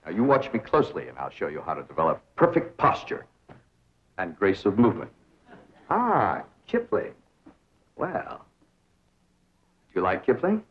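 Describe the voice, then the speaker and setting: Give me a grandiose, affected young suitor with fancy diction, on dull lo-fi sitcom audio. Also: male voice, low-pitched, wildly swooping pitch, moderate pace, pauses often. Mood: pompous. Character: pompous lovestruck young man playing a tutor. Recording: dull lo-fi 1960s TV sound.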